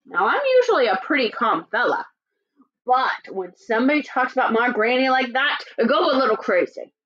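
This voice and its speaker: Reading a little fast in a fairly high voice, a woman who's a teacher takes on the role of a sly, talkative storybook wolf, a male character giving his own version of events. She tells it with lively, playfully indignant energy, on a dull lo-fi recording.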